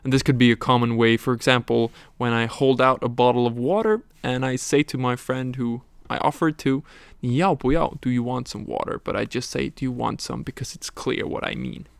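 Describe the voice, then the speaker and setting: Gravelly man teaching vocabulary. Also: mid-range voice, no room sound. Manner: explains words slowly with tones and examples. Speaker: language teacher. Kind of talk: recorded vocabulary lesson.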